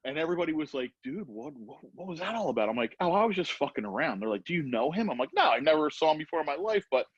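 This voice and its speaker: A middle-aged man, a former BMX rider, telling a profane, animated story as a podcast guest. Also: fairly high pitch, very fast, few pauses, husky. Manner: profane, animated, acts out voices in anecdotes. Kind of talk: casual storytelling. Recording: dull lo-fi podcast audio.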